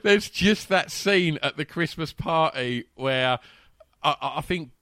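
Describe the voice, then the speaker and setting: A man, co-hosting a casual chat and talking in an animated, laughing way with many restarts. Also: on the high side, measured pace, dry recording, clean studio sound. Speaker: podcast co-host.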